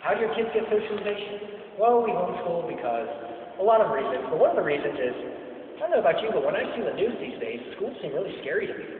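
A man's voice: high voice, sing-song, fast, slight background noise. A man preaching a sermon, telling stories from everyday life and acting out the voices in his quoted dialogue with animation. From China. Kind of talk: storytelling sermon. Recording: echoey hall from far off, tinny lo-fi.

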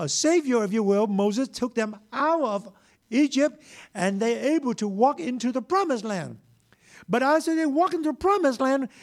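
High-voiced preacher, impassioned. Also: male voice. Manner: impassioned, shifts from hushed to loud exclaiming; broken grammar, frequent repeats. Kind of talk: sermon.

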